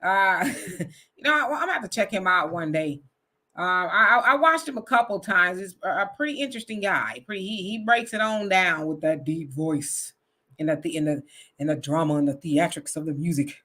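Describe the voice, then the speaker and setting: A woman hosting a live online talk show in a bright, clear voice. She talks frankly in a loose, casual way and reads out viewer comments. Her laugh comes easily and often. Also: fairly low pitch, lively intonation, moderate pace.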